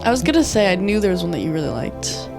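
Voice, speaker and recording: A woman co-hosting a podcast in casual chat, playful and quick to laugh. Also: lowish voice, sing-song, gravelly, over music. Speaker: podcast co-host.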